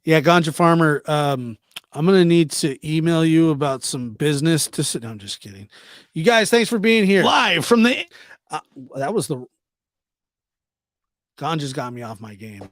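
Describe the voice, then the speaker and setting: A man's voice: a little high, big pitch swings, normal speed, pauses often, no echo, clean studio sound. A man hosting a live talk show, chatting casually and poking fun at himself. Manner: joking, self-deprecating.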